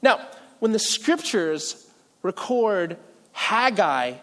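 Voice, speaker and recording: Animated pastor preaching in a reverberant hall. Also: male voice, sits high, very slow. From Virginia. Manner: animated, self-deprecating, lots of restarts and asides. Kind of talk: sermon.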